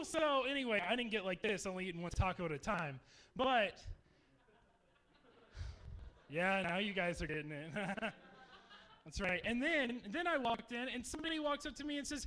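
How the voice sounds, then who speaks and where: Bright, high-voiced joking camp speaker man. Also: lively intonation, moderate pace, pauses often. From Texas. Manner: joking, chatty storyteller. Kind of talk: humorous youth talk to campers. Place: dark meeting hall at a camp.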